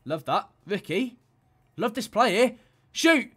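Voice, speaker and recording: A man giving excited video game commentary, swinging from muttered pleading to loud shouting. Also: extremely high pitch, unhurried. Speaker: gaming video creator.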